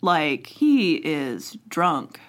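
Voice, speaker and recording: A woman co-hosting a casual podcast, reacting with quick jokes and frequent laughter. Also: sits low, big pitch swings, a bit bright. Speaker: podcast co-host. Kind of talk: casual chat.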